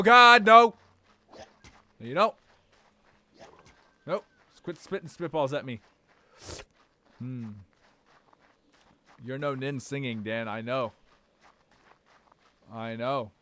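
A young man streaming a game live, swearing and reacting loudly to what happens on screen. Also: fairly high pitch, clean tone.

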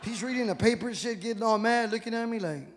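Fast and high-pitched, a Houston man works a live comedy stage with a profane, punchy, rowdy set. The recording picks up long reverb and crowd noise from the venue, along with audience laughter and hall ambience.

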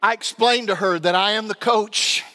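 A male pastor preaching a sermon, telling a comic story with laughter and animated storytelling. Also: high-pitched, normal speed, long reverb tail. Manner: storytelling, animated, self-mocking, laughing through stories.

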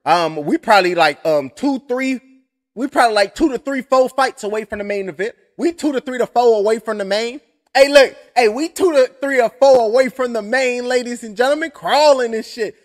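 A man's voice: very high-pitched, a little fast. A man doing loose, profane, clowning commentary while waiting for a fight. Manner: loud, joking and profane, keeps clowning. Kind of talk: casual live-stream commentary.

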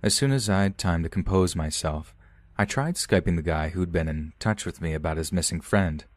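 A man reading a first-person horror story as a podcast narrator, calm and measured. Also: sits low, no room sound.

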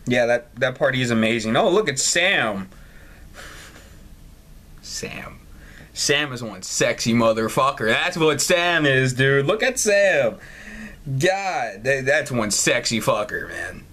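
A man's voice: mid-range voice, very animated, slow pace, fairly bright tone. A man playing a mobile story game, giving casual, profane, mocking commentary and often laughing. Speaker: gaming channel host. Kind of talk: casual let's-play commentary.

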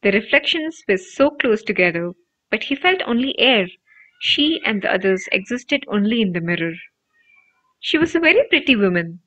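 A woman narrating an audiobook with expressive, emotive storytelling. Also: medium pitch, moderate pace. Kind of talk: audiobook reading. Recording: dull lo-fi recording.

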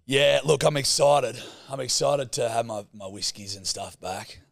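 A man's voice: medium pitch, fairly even intonation, a little slow, gravelly, no echo, studio quality. A young man, co-hosting a podcast in casual chat and swearing freely as he tells crude yarns. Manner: sweary, laid-back banter. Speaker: podcast co-host.

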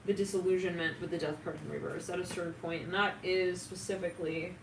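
A woman giving a casual tarot reading, animated, laughing often and swearing. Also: lowish voice, fast, gravelly. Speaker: tarot reader. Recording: roomy, distant from mic, faint ambient noise.

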